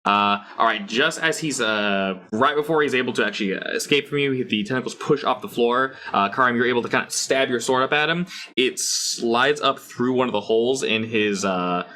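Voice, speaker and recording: A man narrating as game master of a tabletop game, describing scenes haltingly with many pauses and restarts. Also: medium pitch, pushed and bright.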